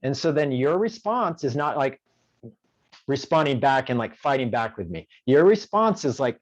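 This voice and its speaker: A man's voice: mid-range voice, big pitch swings, moderate pace, dry recording, highs cut off. A man working as a conflict mediator, talking in an interview and telling stories animatedly, acting out the voices of the people he quotes. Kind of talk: conversational interview.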